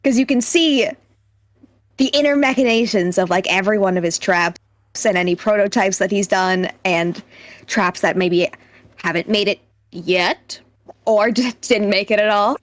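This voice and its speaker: A woman's voice: medium pitch, normal speed, dry recording. A woman co-hosting a podcast in casual chat, teasing and blunt as she recaps a film. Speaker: podcast co-host.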